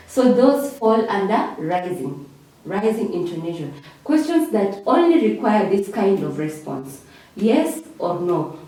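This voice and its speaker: Slow, lively teacher in an echoey room. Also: female voice. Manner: repeats key words, ends phrases with a high "okay?". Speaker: English teacher. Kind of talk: classroom revision lesson. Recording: echoey room, voice far from mic.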